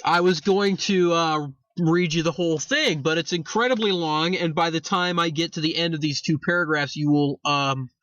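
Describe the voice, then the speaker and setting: A man's voice: on the high side, steady tone, normal speed, fairly bright tone, no echo, dull audio. A young man hosting a casual history talk, rambling, correcting himself and swearing for emphasis. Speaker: host.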